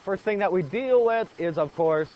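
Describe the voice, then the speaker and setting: A man's voice: high-pitched, expressive, moderate pace, smooth, lo-fi sound. A man teaching a geography lesson in a classroom, quizzing the students with call-and-response questions. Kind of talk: classroom lecture.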